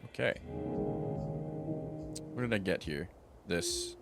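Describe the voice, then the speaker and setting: A man with a low, deep voice streams a role-playing game and reads its dialogue aloud. He gives the characters different voices and drops dry comments of his own between lines. Quiet game music plays underneath. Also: lively intonation, moderate pace. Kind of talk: reading game dialogue aloud with casual asides.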